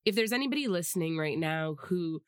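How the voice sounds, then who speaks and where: A woman's voice: on the low side, expressive, brisk, clean tone, dry recording, studio quality. A woman hosting a podcast, asking empathetic questions of her guest. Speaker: podcast host. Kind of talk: interviewing.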